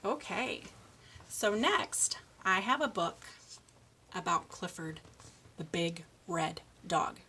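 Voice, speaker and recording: A middle-aged woman leads a children's speech lesson. She talks at a slow, deliberate pace and draws out each word ending. Her tone is bright and encouraging. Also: lowish voice, animated, a little hiss or hum. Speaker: speech therapist.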